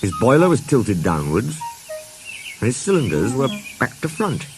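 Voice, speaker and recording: A man narrating a storybook tale in an expressive, lively way. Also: medium pitch, moderate pace, noisy background. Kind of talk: storybook narration, fan dub. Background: music.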